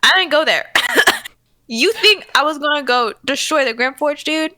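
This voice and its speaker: High-voiced girl in her 20s gushing on a podcast, giggly. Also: lively intonation, moderate pace, bright, forceful tone, no echo, clean studio sound. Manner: gushing, giggly, says "like" a lot. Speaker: podcast co-host. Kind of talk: casual chat.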